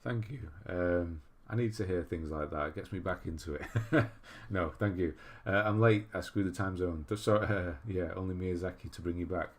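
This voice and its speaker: A man's voice: low voice, moderate pace, few pauses. A man from England hosting a livestream in a casual, chatty way, reading viewer messages aloud and laughing at himself. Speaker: livestream host reading chat.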